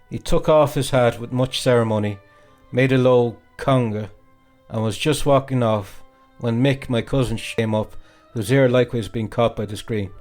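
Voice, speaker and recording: A man reading a classic novel aloud as an expressive, theatrical audiobook narrator. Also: mid-range voice, moderate pace, faint music behind. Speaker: audiobook reader.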